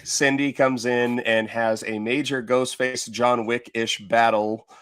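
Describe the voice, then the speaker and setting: A man's voice: mid-range voice, level tone, measured pace, fairly bright tone, clear, resonant tone. A man co-hosting a podcast, recapping movie scenes in a rambling way with lots of fillers and restarts. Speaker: podcast co-host. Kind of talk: casual movie recap chat.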